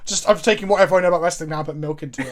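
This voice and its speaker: Streaming a card game, this man races along in a voice on the high side. His casual gaming chat is lively and jokey, with plenty of free swearing.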